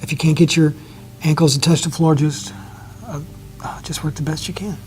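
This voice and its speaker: A man leading a yoga class, giving calm, slow step-by-step cues and often dropping his voice softly. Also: on the high side, faint music behind. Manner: calm, slow guiding cues with soft drops in volume. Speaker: yoga instructor. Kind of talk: guided yoga class instruction.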